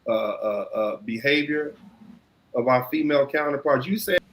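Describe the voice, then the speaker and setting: A man's voice: mid-range voice, normal speed, a bit bright, rough recording. A man in a played clip giving argumentative commentary, combative and repeating himself as he builds his points.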